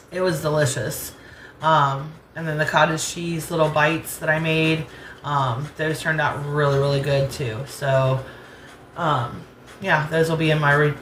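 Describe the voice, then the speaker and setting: She's an American cooking channel host with a rural Southern accent, casually chatting and laughing as she cooks at home. Her voice is low with a fairly bright tone. The room sounds echoey, and there's a little hiss or hum.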